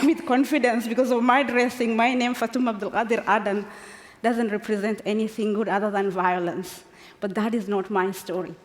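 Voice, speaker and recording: A woman in her forties from Kenya giving an emotional, unscripted personal speech, passionate and close to tears. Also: on the high side. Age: 40s. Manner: passionate, emphatic, laughs between phrases. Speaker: speaker. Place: large conference hall. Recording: long hall reverb.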